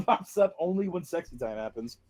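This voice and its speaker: A man co-hosting a podcast, in relaxed casual chat that is full of fillers. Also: a little high, normal speed, a crowd in the background. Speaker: podcast co-host.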